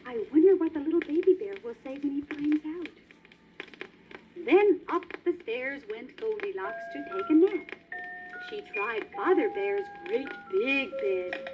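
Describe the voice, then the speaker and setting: Woman, children's storybook narrator, lively rising voice, music behind, dull old vinyl sound. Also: sits high. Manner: gentle, sing-song, talking to children. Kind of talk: read-along storybook narration.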